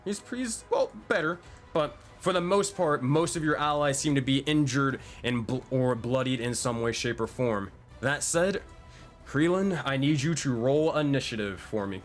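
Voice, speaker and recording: A man's voice: mid-range voice, normal speed. A man running a tabletop game online as game master, narrating scenes and laughing often between rolls. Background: faint music.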